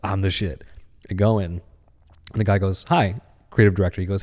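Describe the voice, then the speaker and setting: A man in his thirties, a podcast guest, telling a story in casual chat with lively animation. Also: sits low, fairly quick, big-room sound.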